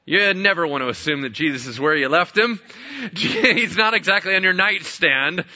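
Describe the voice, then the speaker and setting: A man's voice: high voice, animated, moderate pace, bright, forceful tone, dull audio. A man preaching a sermon as pastor, conversational, with rhetorical questions and playful asides.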